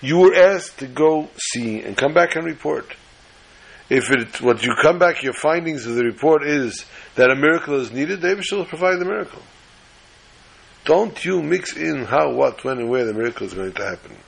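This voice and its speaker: A man's voice: a little high, animated, moderate pace, vocal fry, husky, rough recording. A man giving an emphatic, lecturing sermon-style scripture lesson as a religious teacher.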